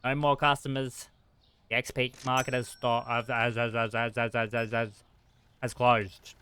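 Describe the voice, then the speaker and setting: Bright, flustered young man streaming a game. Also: mid-range voice, little pitch movement, measured pace, clean tone. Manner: frantic, talking to game customers. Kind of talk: live-streamed gameplay commentary.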